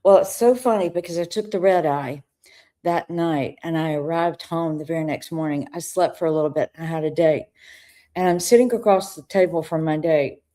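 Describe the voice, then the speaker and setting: A woman's voice: low voice, normal speed, dark tone. A woman co-hosting a talk show, candidly telling an emotional personal story in conversation. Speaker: co-host.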